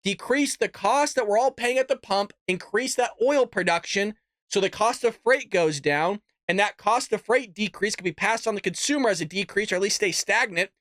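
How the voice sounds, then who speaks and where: A man's voice: high voice, fairly bright tone, dry recording, clean studio sound. A man hosting his own show, delivering an exasperated, sarcastic political commentary rant. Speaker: show host.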